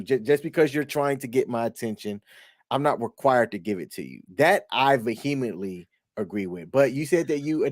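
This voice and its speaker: A man's voice: medium pitch, a little mellow, dry recording, clean studio sound. Laid-back slangy man. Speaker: co-host. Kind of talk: casual reaction chat.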